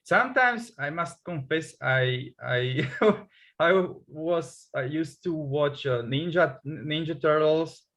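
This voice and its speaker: A man interviewing a guest in a casual conversation, talking hesitantly with many pauses and restarts. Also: fairly high pitch, fairly bright tone, rough recording. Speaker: English tutor, interviewer.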